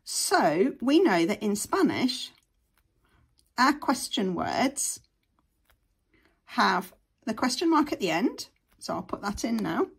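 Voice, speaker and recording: A woman's voice: a little high, big pitch swings, takes it slowly, gravelly, long pauses, slightly rough. A woman, teaching patiently and step by step in a screen-share tutorial. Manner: patient, step-by-step, frequent "okay".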